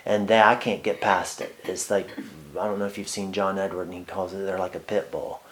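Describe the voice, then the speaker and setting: Halting man doing a medium reading. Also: low-pitched, little pitch movement, a bit bright. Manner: halting, full of fillers and restarts. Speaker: psychic medium. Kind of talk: one-on-one spirit reading.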